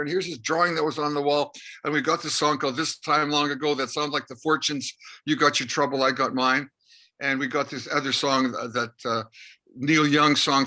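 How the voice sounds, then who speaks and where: A man, telling anecdotes in a lively way as an interview guest and acting out the dialogue. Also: mid-range voice. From Canada, Winnipeg. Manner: lively anecdotal storyteller who acts out dialogue. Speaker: interview guest, rock musician. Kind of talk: casual storytelling interview.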